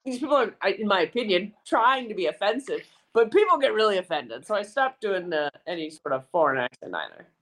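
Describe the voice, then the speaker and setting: A woman's voice: mid-range voice, sing-song, brisk, few pauses, a bit bright. A woman in her thirties, a sports reporter and podcast guest, chatting in a bubbly, self-deprecating way. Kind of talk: casual chat.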